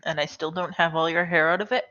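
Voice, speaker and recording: Bright, dry-humored player, dull sound. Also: medium pitch, fairly even intonation, quick pace. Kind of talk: casual chat.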